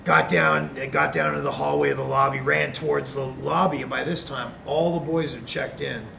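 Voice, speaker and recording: A middle-aged man from Canada, a retired wrestler telling an animated anecdote as a guest on a video call. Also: mid-range voice, normal speed, vocal fry, slight background noise. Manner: animated, acts out quotes. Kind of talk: anecdote storytelling.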